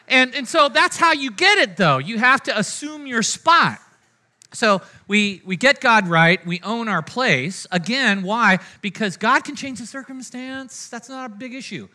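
A man preaching a sermon in a casual, conversational way, often checking in with the congregation and moving between loud, energetic lines and hushed ones. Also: very high voice, measured pace. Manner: conversational preaching, frequent "right?" and "amen?" asides to the congregation. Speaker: pastor.

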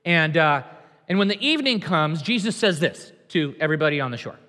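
A man's voice: on the high side, animated, a little fast, bright, forceful tone. A male pastor preaching a sermon in a church, emphatic and conversational, acting out quotes. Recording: long hall reverb.

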